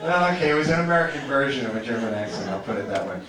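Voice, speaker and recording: A man's voice: medium pitch, expressive, rapid-fire, a crowd in the background. Chatty man in an echoey hall. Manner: stammering restarts, laughs easily. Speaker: guest actor at a fan convention Q&A. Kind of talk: casual convention Q&A. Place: large convention hall stage. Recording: echoey hall, far from the mic, noisy.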